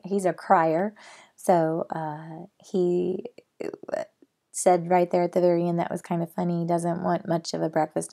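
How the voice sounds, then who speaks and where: A woman's voice: on the low side, gravelly. A middle-aged woman reading a children's novel aloud, then chatting about the chapter. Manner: gentle, plain reading, chatty afterward. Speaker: storybook reader.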